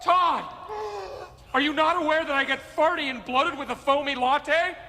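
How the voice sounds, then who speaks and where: A man's voice: very high voice, normal speed, very noisy. An actor playing a flamboyant, scheming male fashion mogul in a film, speaking haughtily and theatrically. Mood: haughty. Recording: film clip with long reverb.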